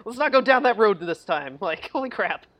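A co-host chatting about a film in a rambling, giggly way, acting out scenes in quick quoted voices. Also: mid-range voice, big pitch swings, a bit bright. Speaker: movie review podcast co-host. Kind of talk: casual chat.

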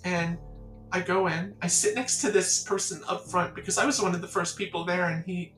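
A woman's voice: fairly low pitch, fairly quick, reverberant, soft background music, poor audio. A woman from the Catskills, a songwriter, telling stories in a casual interview and acting out the people in them. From Catskills, New York. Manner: animated storyteller acting out quoted voices. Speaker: songwriter guest.

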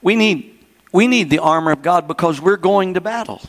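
A man's voice: high-pitched, normal speed. An older man preaching a sermon, emphatic and repeating phrases, often asking the congregation for an amen. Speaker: pastor. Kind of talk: sermon teaching. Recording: long hall reverb.

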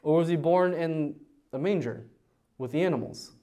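Guy youth pastor preaching verse by verse, gets loud and high then drops way low, stumbles on repeated words. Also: moderate pace. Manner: animated, rises in pitch and volume for emphasis, drops low on key points; repeats words when starting sentences. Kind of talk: verse-by-verse sermon.

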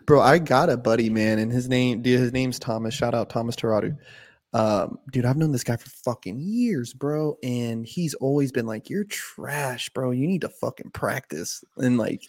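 With a medium-pitched, slightly mellow voice at normal speed, this podcast co-host chats casually. His rambling stories are profane and full of "bro" and "like," captured in a clean studio with no room sound.

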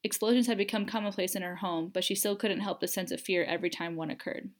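A woman narrating a fan fiction audiobook at a mid pitch, measured and expressive. She reads with steady storytelling care, letting tension build through her delivery.

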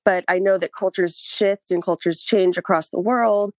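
A woman's voice: on the low side, steady tone, moderate pace, dry recording. A woman co-hosting a podcast in casual chat, out of breath, laughing often and reading notes aloud. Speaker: podcast co-host.

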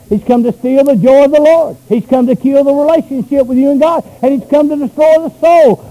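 A pastor preaching a sermon, swinging between loud shouted runs and quiet low asides. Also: male voice, poor audio.

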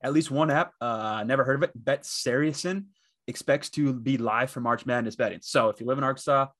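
A man's voice: medium pitch, a little fast, a bit bright. A man from the Dakotas hosting a sports betting podcast alone, talking casually and rambling with lots of fillers and restarts. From Midwest, the Dakotas. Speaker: podcast host.

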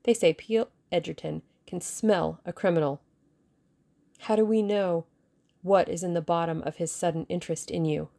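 A woman voicing an excitable, bitter male conspirator who snarls and frets. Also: on the low side, moderate pace, creaky. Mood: agitated. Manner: agitated, snarling, pleading.

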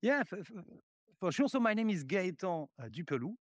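A man in his forties with a French accent, a podcast guest who answers slowly and haltingly with many fillers. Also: high voice, sing-song, no echo, clean studio sound. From France. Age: 40s. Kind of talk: podcast interview.

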